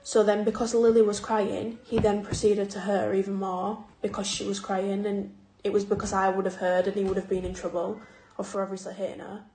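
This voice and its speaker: A woman, a mother, calmly and wearily recounting a hard day at home. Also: mid-range voice, brisk. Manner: calm, weary recounting. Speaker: single mother. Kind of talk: casual vlog. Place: home, indoors. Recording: echoey room, faint noise.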